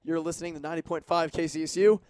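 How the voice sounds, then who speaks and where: Young male radio play-by-play caller, brisk and detailed, smooth voice. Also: a little high, fairly even intonation, darkish tone, no room sound, studio quality. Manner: brisk play-by-play, calling formations and yardage. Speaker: play-by-play announcer. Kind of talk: radio sports commentary.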